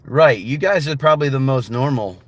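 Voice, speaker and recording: A man's voice: mid-range voice, brisk, fairly bright tone. A man chatting casually with viewers on a livestream, rambling, laughing often and swearing freely. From United States. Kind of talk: casual live-stream chat with viewers.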